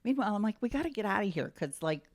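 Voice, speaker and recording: A woman's voice: mid-range voice, racing, creaky. A middle-aged woman, a mother co-hosting a casual family podcast, telling stories and acting out what people said. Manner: animated storyteller, acts out quotes. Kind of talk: casual chat.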